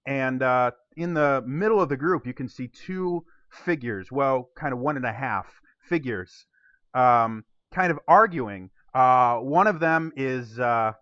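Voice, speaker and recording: A man's voice: medium pitch, lively intonation, measured pace, a bit bright, no room sound, dull audio. A young man narrating a tabletop game as game master, with a rambling delivery full of fillers.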